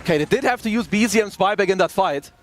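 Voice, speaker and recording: A man giving color commentary on an esports match, calmly explaining what the teams are doing. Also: high-pitched, fast, a little hiss or hum. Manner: relaxed analytical explanations. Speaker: esports analyst.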